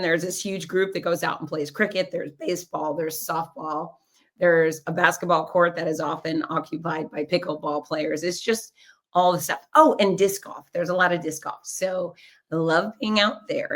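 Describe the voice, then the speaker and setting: A hoarse woman with a husky, raspy voice hosting her podcast in a bubbly, rambling chat, laughing often. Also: fairly low pitch. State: hoarse after race announcing. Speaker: podcast host and race announcer. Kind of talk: casual chatty monologue.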